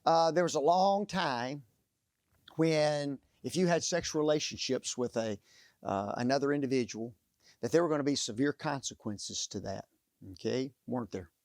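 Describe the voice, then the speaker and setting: A man preaching a sermon, telling stories and pausing to let the audience fill in the blanks. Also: medium pitch, dry recording, studio quality. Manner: animated storytelling.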